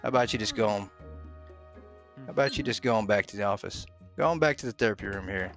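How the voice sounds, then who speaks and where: A man's voice: on the low side, fairly quick, a bit bright, faint music behind. Joking man commentating a game. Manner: joking, mock-blunt, with many "uh"s. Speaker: gaming video host. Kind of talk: casual let's-play commentary.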